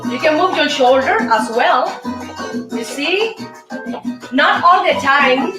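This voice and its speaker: Woman, dance teacher, playful, counts beats, distant mic, soft music underneath. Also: sits high, lively intonation, slow pace. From Cuba. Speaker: show host and dance teacher. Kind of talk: salsa dance lesson. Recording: echoey room, distant mic, music behind.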